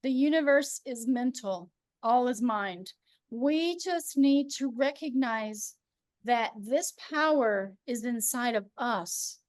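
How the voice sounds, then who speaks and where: A woman hosting a casual spiritual chat, telling stories in an animated way and acting out the voices of people she quotes. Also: a little high, slow pace, no room sound, clean studio sound. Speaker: host.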